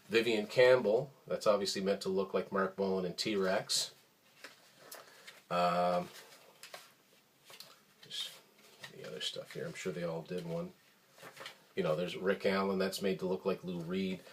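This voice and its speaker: A man hosting a casual show about his music collection, talking in a relaxed, rambling way with many ums and uhs. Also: low-pitched, slight background noise. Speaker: host of a record collection show. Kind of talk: casual show-and-tell talk.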